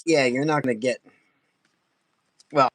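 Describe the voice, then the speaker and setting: A man teaching wood carving on a casual live stream, talking fast and excitably and laughing often. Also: mid-range voice, no echo.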